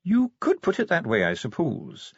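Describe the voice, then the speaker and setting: A man's voice: on the high side, wildly swooping pitch, normal speed, a bit bright, slightly rough, no room sound, muffled recording, voice pushed up, heavily acted. A man voicing a haughty, disdainful male dwarf steward in an audiobook, speaking in a pompous, clipped, condescending way. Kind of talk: audiobook character voice.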